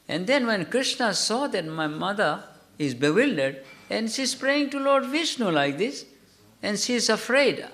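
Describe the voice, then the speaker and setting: A man with a fairly high voice teaches a scripture class, telling the story in a halting, self-correcting way. He often stops to put questions to his listeners. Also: sing-song, fairly bright tone. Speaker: lecturer.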